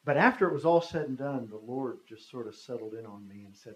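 A man's voice: medium pitch, expressive, brisk, few pauses, echoey room, slight background noise, rough recording. A man in his fifties telling a personal story in a talk, speaking conversationally and acting out the dialogue. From United States. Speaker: guest speaker.

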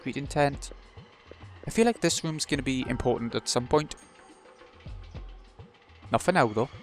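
Wry british gamer guy, mid-pitched voice, faint game music behind. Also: measured pace. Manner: dry, wry asides with muttered remarks. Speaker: let's play host. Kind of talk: casual gameplay commentary.

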